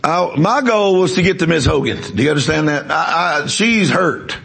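A man's voice: on the high side, animated, moderate pace, creaky, fairly bright tone. A man preaching a sermon, telling a story emphatically and repeating words as he builds it.

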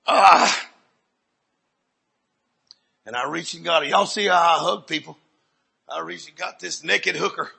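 A man preaching, telling a story in a dramatic way that swings from hushed to loud. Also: sits high, measured pace, creaky, pauses often, breathy edge. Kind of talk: sermon testimony storytelling.

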